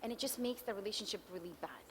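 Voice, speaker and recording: A middle-aged woman giving a conversational marriage workshop talk, acting out spouses' lines as quick examples. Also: medium pitch, fairly bright tone, slightly rough. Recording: reverberant hall recording.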